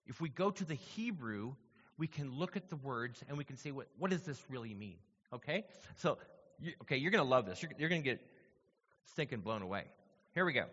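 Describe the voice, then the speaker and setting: A male preacher with a bright, forceful voice delivers a sermon, moving from scripture reading to chatty explanation. His words ring out with a long reverberant tail, and the sound is dull and lo-fi. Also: medium pitch, breathy edge. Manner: conversational teaching, checks in with listeners.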